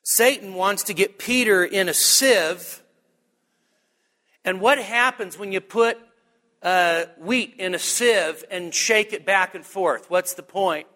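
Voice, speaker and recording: A man preaching a sermon, animated and joking, with a high, bright, ringing voice. He talks slowly and deliberately, and the long reverb of a church hall trails after each phrase. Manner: animated, humorous, rising to high emphatic peaks. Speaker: pastor. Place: church sanctuary.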